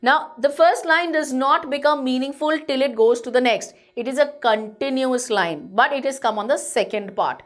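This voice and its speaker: A woman's voice: sits high, normal speed, few pauses. A woman teacher with an Indian English accent, explaining a lesson to students, patient and repeating points to reassure them. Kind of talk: online class lecture.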